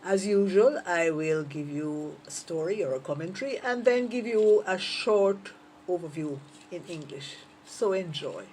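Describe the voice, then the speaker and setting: A woman from Jamaica with a Jamaican accent, chatting playfully as a patois teacher telling a story with lively asides. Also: lowish voice, measured pace, slight background noise.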